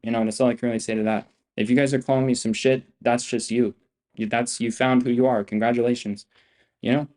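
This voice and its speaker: A man's voice: mid-range voice, level tone, fast talker, a little mellow. A young man streaming his trades live, boasting and swearing freely and repeating himself. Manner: boastful, profane, repetitive swagger. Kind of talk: live-stream trading commentary.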